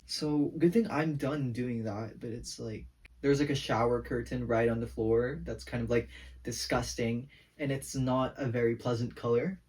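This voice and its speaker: A man's voice: medium pitch, steady tone, normal speed, a little mellow, distant mic. A teenage boy venting in a casual rambling vlog, saying "like" constantly. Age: teens. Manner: rambling, heavy use of "like", venting. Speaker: vlogger.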